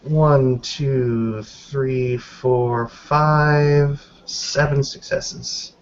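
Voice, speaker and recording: A man's voice: mid-range voice, steady tone, drawn-out words. A man playing a tabletop role-playing game, counting his dice rolls aloud and swearing casually as he describes his character's moves. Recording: dull lo-fi recording.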